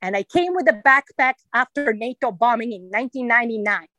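A woman's voice: on the high side, lively intonation, a little fast, bright, forceful tone, no room sound, low-quality recording. A woman with a Serbian accent, speaking emphatically and passionately as a guest in a radio interview.

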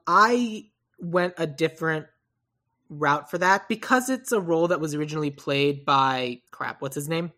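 Low-pitched woman co-host, bright sharp tone, rambles and restarts, chatty movie talk. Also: normal speed. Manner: rambling, self-correcting, animated asides. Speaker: podcast co-host. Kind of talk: casual chat about movie casting.

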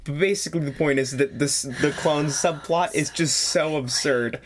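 A teenager hosting a casual movie-review podcast, talking excitedly and acting out scenes. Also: medium pitch, normal speed, crowd noise. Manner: animated, acts out scenes with voices. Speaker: podcast host.

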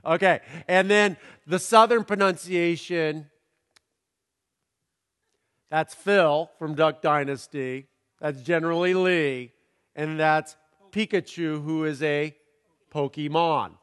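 A man preaching a sermon, his voice set a little high for a man. He talks haltingly with lots of fillers and doubled words, then throws in playful puns. The recording carries the long reverb of a big hall. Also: a bit bright, clear, resonant tone. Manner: playful, punning delivery. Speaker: pastor. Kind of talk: sermon with jokes. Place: church sanctuary.

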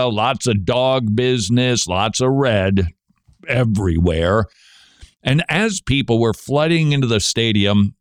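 A man hosting a Christian radio show, introducing a clip with quick asides and laughter. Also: medium pitch, clear, resonant tone, no echo. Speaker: radio host.

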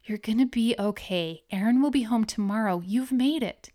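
A woman narrator voicing a warm, motherly woman friend. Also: on the high side, moderate pace, natural voice.

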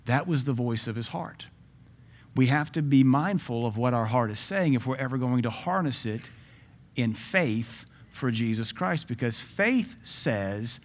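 A middle-aged pastor preaching to his church in a voice of ordinary pitch. He speaks, mixes earnest teaching with jokes, and acts out the voices he quotes. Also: moderate pace. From Southern US. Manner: lively preaching, acting out quoted voices, joking asides. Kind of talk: sermon.

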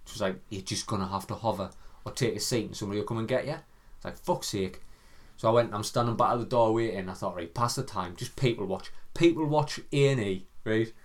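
A man's voice: on the low side, fast talker. A young man, co-hosting a casual podcast chat, telling a story animatedly, doing voices, swearing and laughing often. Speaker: podcast co-host.

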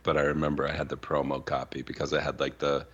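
A man's voice: rumbling low, fast talker, slightly rough, lo-fi sound. A man co-hosting a podcast, telling stories in casual chat with a lot of swearing and filler words. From Arizona, US. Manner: animated storytelling, heavy swearing, lots of "like". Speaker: podcast co-host.

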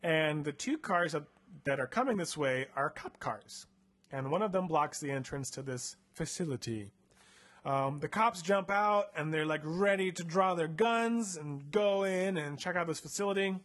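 A man's voice: on the high side, animated, normal speed, a bit bright. A young man casually retelling a story on a comedy podcast, chatty and playful, with lots of filler words. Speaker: podcast host reading a choose-your-path book aloud.

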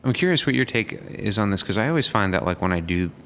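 A man's voice: on the low side, lively intonation, quick pace, fairly bright tone, big-room sound, a little hiss or hum. A man, an improviser, chatting casually and reflectively about his craft. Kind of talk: casual chat.

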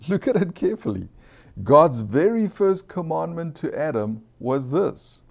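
A man's voice: mid-range voice, big pitch swings, measured pace, gravelly, a little mellow. A man preaching an informal sermon, earnest and conversational, repeating phrases for emphasis and asking his listeners questions.

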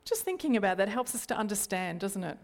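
With big swings in pitch and a fast delivery, a middle-aged Australian woman leading a church preaches earnestly at an ordinary female pitch. She regularly engages the congregation through rhetorical questions.

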